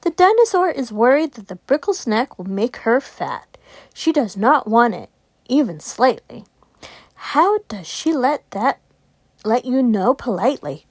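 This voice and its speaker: A woman reading a children's picture book aloud as host of her podcast, expressive and sing-song. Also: a little high, unhurried, dry recording. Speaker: children's story reader.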